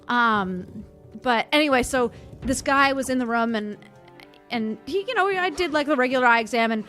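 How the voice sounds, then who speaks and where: A woman with a somewhat high voice chats casually while co-hosting a let's play. She rambles through a gossipy story with blunt, dark humor. Faint game music plays behind her. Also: expressive, normal speed. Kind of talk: casual chat over gameplay.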